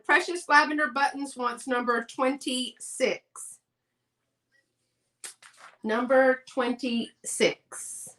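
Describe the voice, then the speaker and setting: Lady doing a live sale stream, kinda high bright voice, chatty n apologetic. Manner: chatty, apologetic, gushing over items. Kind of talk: casual live-stream selling.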